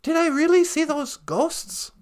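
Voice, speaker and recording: A woman's voice: high voice, animated, a little slow, a little mellow. A woman voicing a grumpy, greedy old man who whines and exclaims in a casual comic retelling. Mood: scared.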